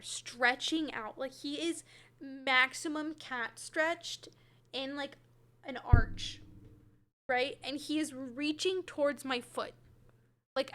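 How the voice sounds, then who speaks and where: Chatty high-voiced woman streaming a game. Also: a bit bright. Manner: chatty, hedging, answers chat by name. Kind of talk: casual gameplay chat, reading chat. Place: home room with her cat.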